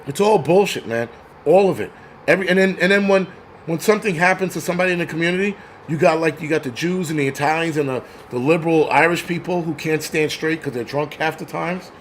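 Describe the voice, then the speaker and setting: A man rants angrily and crudely as the host of his own stream. His voice sits a bit high for a man. He talks in a blunt, profane, mocking way. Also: fast, slight background noise. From New York. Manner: angry, crude, mocks others in put-on voices. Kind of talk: profane livestream rant.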